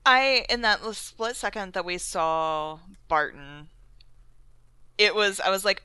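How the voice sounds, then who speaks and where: A woman's voice: medium pitch, slow, bright, forceful tone, clean tone, dry recording. A woman co-hosting and editing a casual podcast, teasing and heckling the others. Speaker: podcast co-host and editor. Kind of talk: casual chat.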